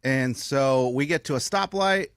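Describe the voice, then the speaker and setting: A man co-hosting a radio show, telling stories in an animated way, acting out the people in them. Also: medium pitch, measured pace, clear, resonant tone, no echo, studio quality. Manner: animated storyteller, acts out voices and laughs. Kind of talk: casual studio storytelling. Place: radio studio.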